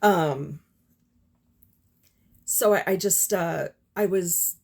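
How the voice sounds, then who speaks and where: Candid woman with a husky, low voice. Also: a little mellow. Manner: candid, halting, with many fillers and swearing. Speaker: vlogger. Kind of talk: personal storytelling to camera. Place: home with doors and windows open, windy.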